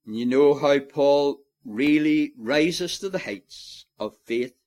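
Slow, earnest male preacher. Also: a little high, a little mellow. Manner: slow, earnest preaching that builds to emphatic peaks. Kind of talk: sermon.

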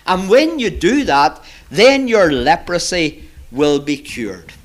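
An earnest servant delivers his master's orders, step by step, as a man acts him out. The voice sits a little high and moves with lively emphasis. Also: slow pace. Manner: emphatic, counting out instructions. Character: earnest male servant delivering a prophet's message.

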